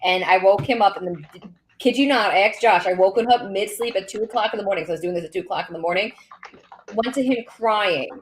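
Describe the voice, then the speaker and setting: A woman co-hosting a live podcast, telling personal stories in casual, animated chat. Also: mid-range voice, quick pace, slight background noise, low-quality recording. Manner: animated storytelling with laughs. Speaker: podcast co-host. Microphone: studio podcast mic.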